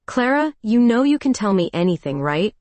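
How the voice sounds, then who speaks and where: A woman's voice: mid-range voice, very animated, normal speed, a little mellow, no echo, voice pushed up, natural voice. A woman putting on Sarah, a bossy teasing best friend. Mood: probing. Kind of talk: storybook dialogue.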